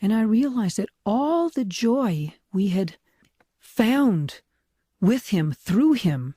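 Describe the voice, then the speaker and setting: An older man, a rabbi, telling a personal spiritual story in a soft, reflective way, often dropping to a hushed whisper. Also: high voice, big pitch swings, slow, breathy edge, no echo, studio quality. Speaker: rabbi teaching.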